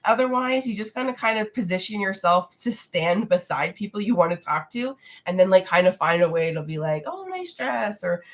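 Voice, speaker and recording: A woman's voice: lowish voice, brisk, hardly any pauses. A young adult woman hosting a casual livestream Q&A from home, talking frankly and reading viewer comments aloud, her voice congested and nasal from a recent cold. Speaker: livestream host answering viewer questions.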